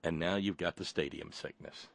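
A man's voice: sits low, steady tone, normal speed, creaky. Sardonic male talk radio host. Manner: rambling, sardonic, stammering restarts.

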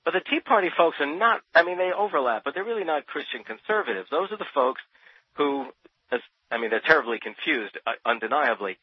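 A man from New Jersey, a radio guest and expert on Thomas Paine, speaks passionately and emphatically, often repeating words as he builds a point. His voice is on the high side, expressive, brisk and husky, captured in a dull, dry lo-fi radio sound.

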